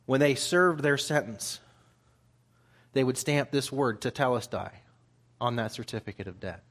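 A man's voice: medium pitch, moderate pace, a bit bright. Man preaching a sermon. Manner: reads scripture aloud and explains it in plain conversational terms.

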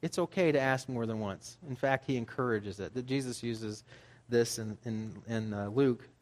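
A man's voice: medium pitch, normal speed, darkish tone. A man preaching as a pastor, in a conversational style that builds to emphatic urging. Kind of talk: sermon.

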